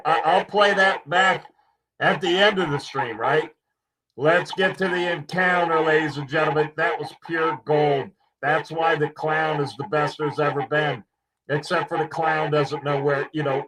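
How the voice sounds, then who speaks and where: A man's voice: a little high, fairly even intonation, normal speed, sharp tone, poor audio. A man hosting a live stream, speaking to the audience like a showman with a repeated catchphrase.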